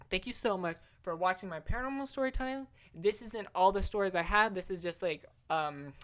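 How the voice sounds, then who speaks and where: Young woman vlogger, low voice but bright and sharp, chatty and slangy, says like and literally constantly. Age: young adult. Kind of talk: casual storytelling vlog.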